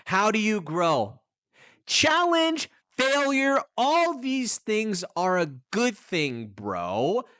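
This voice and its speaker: A man hosting his own podcast, talking straight to the listener in an animated, emphatic way. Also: high voice, slow, hardly any pauses, clear, resonant tone, no echo, clean studio sound. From United States. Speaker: podcast host and English teacher. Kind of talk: casual solo podcast monologue. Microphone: studio microphone.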